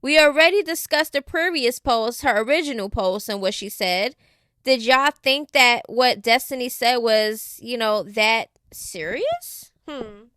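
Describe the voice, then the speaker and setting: A high-voiced woman runs casual gossip commentary straight to her viewers, sassy and full of slang. She keeps calling the audience "y'all" and "child" as she talks. The sound is close and dry, with no room around it. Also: measured pace, fairly bright tone, no echo.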